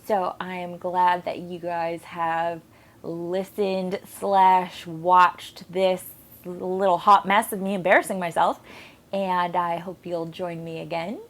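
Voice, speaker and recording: A woman's voice: lowish voice, level tone, slow. A young woman casually talking to camera in a vlog, chatty and self-deprecating, with plenty of ums. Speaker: book vlogger.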